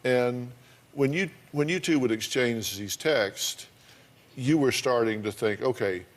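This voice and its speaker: A man interviews a guest on a television talk show. He asks folksy, probing questions and reads letters aloud at a slow, deliberate pace. His pitch sits in a middling range. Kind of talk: studio interview. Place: television studio.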